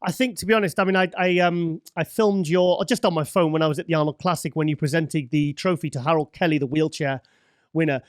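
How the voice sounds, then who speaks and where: A man's voice: fairly high pitch, fairly even intonation, fairly quick, no room sound, studio quality. A man interviewing a guest, asking rambling, hesitant questions with many fillers.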